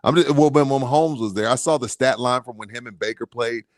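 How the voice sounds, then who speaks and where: A man's voice: medium pitch, quick pace, no room sound, studio quality. A man co-hosting a casual sports talk show, blunt and joking. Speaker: co-host.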